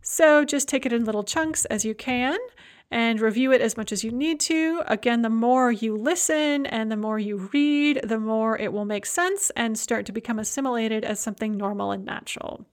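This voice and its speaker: A woman teaching a language lesson, walking through grammar charts in a clear, methodical way and reading out example words one by one. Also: a little high, moderate pace. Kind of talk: explaining grammar over slides.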